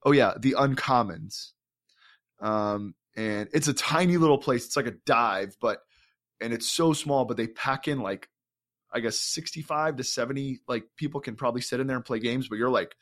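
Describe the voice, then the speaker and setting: A man's voice: medium pitch, normal speed, fairly bright tone. A man co-hosting a podcast, telling an enthusiastic, rambling story in casual chat, full of fillers and restarts. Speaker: podcast co-host.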